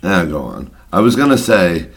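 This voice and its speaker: Young male co-host, deep voice with lively swings, profane blunt ranter. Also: normal speed. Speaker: podcast co-host. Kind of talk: casual chat.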